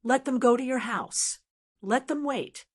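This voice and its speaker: A woman reading the lines of a cold, calculating male lawyer who speaks crisply and confidently. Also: on the high side, a little slow, voice pushed up. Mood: scheming.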